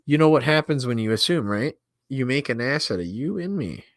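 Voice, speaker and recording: A man's voice: mid-range voice, lively intonation, a little fast, no room sound, studio quality. A man hosting a casual reaction stream, crude and mocking, swearing heavily and reacting with disbelief.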